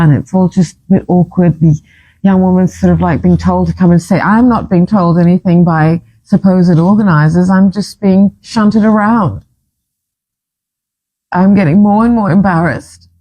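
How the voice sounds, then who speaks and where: A woman with a mellow, husky voice tells a personal story to the camera. She rambles with emotion and often stops and starts her sentences, her tone soft and low in brightness. It sounds like a casual vlog. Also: low-quality recording. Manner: emotional, rambling retelling with frequent restarts. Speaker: vlogger.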